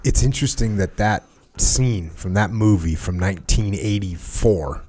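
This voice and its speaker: A man's voice: on the low side, normal speed, dark tone. A man hosting a podcast, talking emphatically with dry humor and reading passages from a book. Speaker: podcast host.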